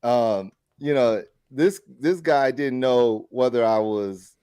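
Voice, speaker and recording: A man co-hosting a podcast in casual chat, telling stories with animated, acted-out quotes. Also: mid-range voice, slow pace, clean tone. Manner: animated storyteller acting out quoted arguments. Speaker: podcast co-host.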